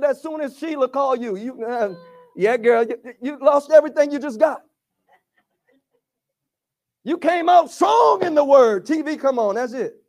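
Male pastor, high voice, energetic call-and-response sermon delivery. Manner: call-and-response preaching, rising to shouts.

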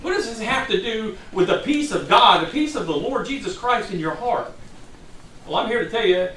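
A man's voice: high voice, animated, moderate pace, fairly bright tone, slight background noise. A middle-aged man preaching a sermon in a conversational, storytelling way, from a distant mic in a church hall.

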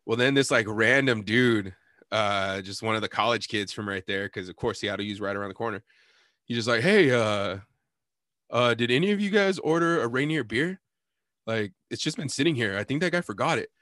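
Bright-voiced man telling a rowdy story. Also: mid-range voice, normal speed, no echo, studio quality. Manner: animated, profane, laughs often, acts out quotes. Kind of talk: casual storytelling chat.

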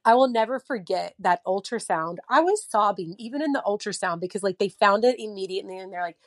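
A woman's voice: medium pitch, expressive, fast talker, no room sound, studio quality. Chatty woman telling a story. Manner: chatty storyteller, many fillers, acts out quotes. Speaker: mother of a child with a heart condition. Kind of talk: casual podcast conversation.

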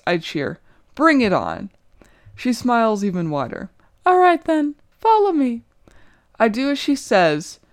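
A woman's voice: medium pitch, clean tone, no echo, clean studio sound. A young woman reading her own short story aloud in the first person, with an earnest, emotional, inward delivery.

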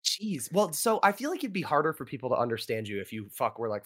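A man co-hosting a casual podcast chat, animated and quick, often acting out silly voices. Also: mid-range voice. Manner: animated, fast-talking, acts out silly voices. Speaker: podcast co-host.

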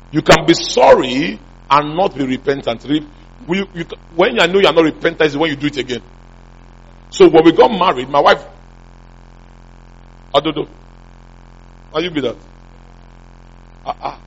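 Pastor preaching, husky voice a bit high for a guy, muffled lo-fi sound, keeps asking the crowd if they follow. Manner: call-and-response preaching, repeated questions to the congregation. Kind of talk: sermon.

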